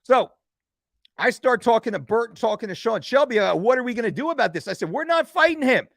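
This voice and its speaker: A man's voice: high voice, lively intonation, brisk, gravelly, no echo. A middle-aged man casually telling a heated backstage story, swearing and repeating phrases for emphasis. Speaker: nutrition coach telling a story.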